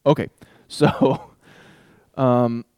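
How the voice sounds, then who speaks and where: A man teaching a Bible passage in a relaxed, conversational way, reading verses aloud and thinking out loud with asides. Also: medium pitch, very slow, clean tone, no echo, clean studio sound. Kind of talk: casual Bible study talk with scripture reading.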